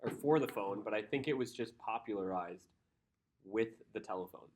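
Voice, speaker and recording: A man's voice: on the low side, moderate pace, slight background noise. A man teaching chemistry to a class, who moves between lecturing and loose, chatty storytelling with his students. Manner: chatty, storytelling, animated when amused.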